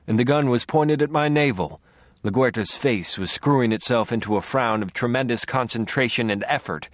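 A man narrates a dark first-person audiobook in a low, brooding voice at a measured pace. He's recorded close on a studio mic with no room sound.

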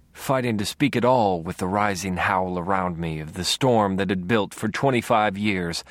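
The recording carries no echo as a man reads a dark audiobook told in the first person. He speaks low and brooding, taking a measured pace into a close studio microphone.

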